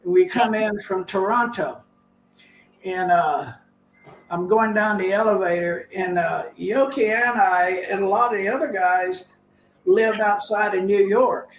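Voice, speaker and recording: A man's voice: high-pitched, unhurried, slight background noise. Older man, former ballplayer, rambling anecdotes, echoey room. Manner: rambling anecdotes, chuckles often. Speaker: guest, former baseball player. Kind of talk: casual storytelling.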